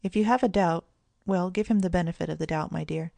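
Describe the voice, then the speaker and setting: A sensible, kindly mother of two children speaks in a grave, gentle manner in a storybook reading, voiced by a woman. The voice is low with a gravelly edge of vocal fry. The recording is close and dry, with no room sound. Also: fast talker, dry recording.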